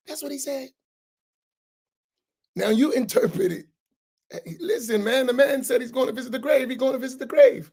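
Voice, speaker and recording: A man's voice: extremely high pitch, moderate pace, long pauses, darkish tone, breathy edge. A man, an imam, teaching a religious class in a heated, sarcastic way full of rhetorical questions. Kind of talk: heated religious lesson, argumentative.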